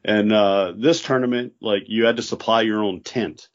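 A man's voice: on the low side, steady tone, moderate pace. A man co-hosting a podcast, telling laid-back stories in a casual chat. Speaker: podcast co-host. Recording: dull lo-fi podcast audio.

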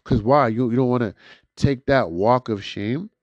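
A young man hosting a solo podcast, venting in a loud, profane, animated way that swings between high outbursts and low mutters. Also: normal speed, no room sound. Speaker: podcast host. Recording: dull lo-fi dry recording.

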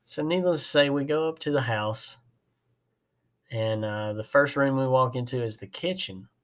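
A man's voice: mid-range voice, moderate pace. A man hosting a podcast, telling a work story in a rambling, folksy way with many fillers. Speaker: podcast host, HVAC technician. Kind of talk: casual storytelling.

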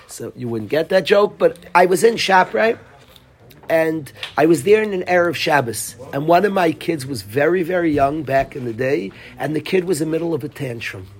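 A middle-aged man, a rabbi, giving a Torah lecture to a congregation, telling stories with animated delivery and scattered Hebrew and Yiddish terms. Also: a little high, normal speed, slight background noise.

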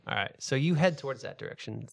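Uomo che narra da master di gioco di ruolo. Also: male voice, medium pitch, fast talker, vocal fry. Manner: relaxed second-person scene narration. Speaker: game master. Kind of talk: narrating a tabletop game.

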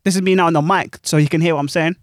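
Fast-talking high-voiced DJ. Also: male voice, no echo, studio quality. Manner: animated, laughing anecdotes with British slang. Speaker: club DJ. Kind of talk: casual chat, storytelling.

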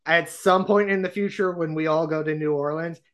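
A man's voice: fairly high pitch, fairly even intonation, a little fast. Laid-back man telling a story. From Arkansas, US. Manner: rambling, laughs at own story. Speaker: podcast host. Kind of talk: casual storytelling chat.

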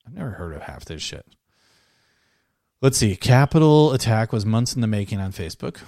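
A man's voice: on the low side, big pitch swings, moderate pace, mellow, no room sound, clean studio sound. A man co-hosting a casual chat, reading headlines aloud with frequent laughs and mocking asides. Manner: laughs often, mocking, rambling. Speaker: co-host.

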